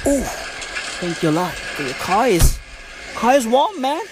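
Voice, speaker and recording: A woman's voice: fairly high pitch, very animated, unhurried, noisy background. A young woman doing a comedic character monologue, ranting to herself in profane slang.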